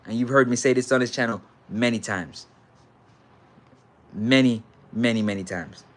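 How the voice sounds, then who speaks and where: A man's voice: mid-range voice, moderate pace. A man with a Jamaican accent hosting a live sports talk stream, reading viewer comments and repeating his points with patois mixed in. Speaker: sports talk show host.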